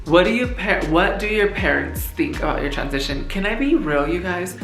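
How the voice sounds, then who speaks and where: A young woman talks to her viewers in a chatty, candid, slang-filled way, like a casual vlog update. Her voice sits a little low for a woman. The room is echoey and music plays clearly behind her. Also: animated, normal speed, fairly bright tone. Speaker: vlogger.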